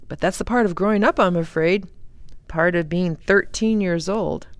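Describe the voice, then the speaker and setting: A woman's voice: fairly low pitch, moderate pace, dry recording, natural voice. A woman voicing a kind, reflective father in a storybook. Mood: gentle.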